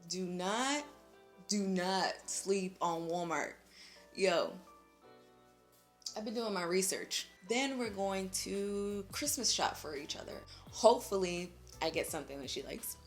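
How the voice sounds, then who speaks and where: A woman's voice: mid-range voice, animated, a little slow, soft background music. A young woman chatting in a casual vlog while doing her makeup, chatty and slangy and laughing often. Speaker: beauty vlogger.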